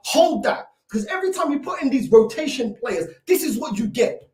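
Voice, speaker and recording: A woman's voice: sits high, sing-song, a little fast, darkish tone. A woman delivering a fuming, repetitive rant as a football fan reacting to a match. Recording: echoey room, mic at a distance.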